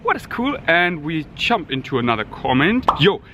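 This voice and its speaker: A playful man talks casually to his vlog camera, his voice a bit high and very lively. The roomy home camera audio carries some echo and a faint hiss underneath. He tosses in jokey asides as he goes. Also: moderate pace. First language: German. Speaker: vlogger. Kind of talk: casual daily vlog chat. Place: home kitchen indoors.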